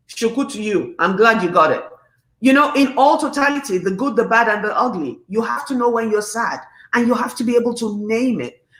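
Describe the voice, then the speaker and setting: A woman's voice: a little high, echoey room. A woman in her fifties hosting a live talk, speaking emphatically and reading out viewers' comments. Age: 50s. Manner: emphatic, animated, preachy. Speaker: host.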